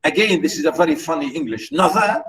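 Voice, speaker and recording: A man's voice: sits high, lively intonation, unhurried, distant mic, low-quality recording. A man lecturing on literature, who repeats and restarts phrases as he explains and points out British pronunciation.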